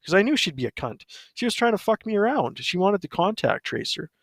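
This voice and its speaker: A man's voice: high-pitched, very animated, a little fast, gravelly, a bit bright, dry recording, studio quality. A man telling a story on a livestream, profane, blunt and ranting.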